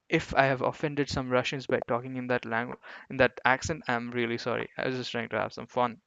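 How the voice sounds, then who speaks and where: A man's voice: mid-range voice, little pitch movement, fairly quick, vocal fry, hardly any pauses, a bit bright, clean tone, dry recording, lo-fi sound. A man streaming online chess games, chatting with his viewers and poking fun at his own blunders. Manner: chatty, talks to viewers, self-mocking about his blunders. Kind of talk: live commentary while playing online chess.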